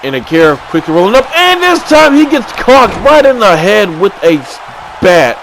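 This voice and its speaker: A man giving excited play-by-play commentary on a video game wrestling match, swinging from low mutters to sudden shouts. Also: normal speed, low-quality recording. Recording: crowd and game noise behind.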